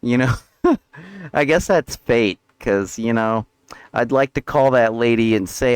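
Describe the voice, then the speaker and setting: A man's voice: mid-range voice, slow, smooth, poor audio. Ranting, profane man vlogging. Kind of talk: rambling monologue to camera.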